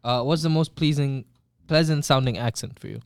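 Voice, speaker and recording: A man with a smooth, clear voice chats as a guest on a casual podcast. He talks in an easygoing way and slips in jokes. The recording is close and dry. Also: fairly high pitch, fairly quick, no echo.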